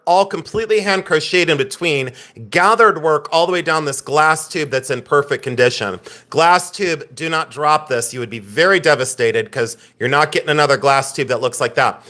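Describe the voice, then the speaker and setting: A man running a live online auction, chatting and joking with viewers by name while pitching each item with breezy enthusiasm. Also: sharp tone. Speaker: live-stream auction seller.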